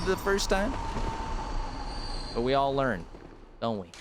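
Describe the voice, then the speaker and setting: Animated, rambling young American streamer. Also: male voice, medium pitch, measured pace, pauses often, music in the background. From United States. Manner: rambling, jokey, animated, lots of fillers. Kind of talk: casual live-stream commentary.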